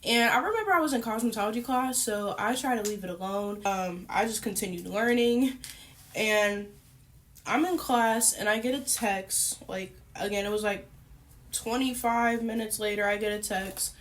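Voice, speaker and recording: A young woman chatting casually as she tells a personal story to her viewers, animated and full of fillers. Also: medium pitch, normal speed. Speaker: storytime YouTuber.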